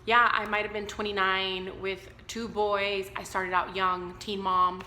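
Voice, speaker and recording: Talking straight to camera with lots of fillers and asides, a woman around thirty records a candid, unscripted vlog. She has a mid-range, bright, forceful voice, a level tone and measured pace. The space sounds reverberant, with a bit of hiss or hum.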